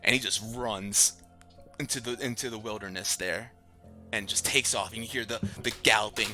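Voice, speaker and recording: Dungeon master dude, slow lively narration, super bright voice, faint music behind. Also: male voice, lowish voice. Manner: unhurried and lively, with fillers and restarts while he narrates. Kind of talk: narrating a tabletop game.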